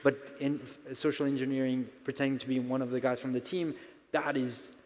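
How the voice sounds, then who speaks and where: A man's voice: medium pitch, little pitch movement, a little fast, a little mellow. A man on a conference panel, speaking hesitantly with many fillers and restarts. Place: conference stage in a large hall. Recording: reverberant hall.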